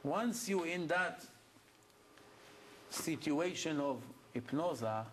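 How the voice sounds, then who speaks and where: A man's voice: fairly high pitch, animated, slow pace, a bit bright, a little hiss or hum. A man lecturing as a rabbi, telling stories in a plainspoken way. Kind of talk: lecture to an audience.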